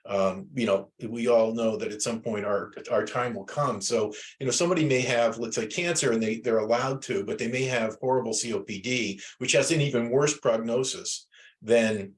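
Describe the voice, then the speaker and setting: A man's voice: mid-range voice, normal speed. An older man teaching a class, talking loosely with many fillers and restarts. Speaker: instructor. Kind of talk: class lecture.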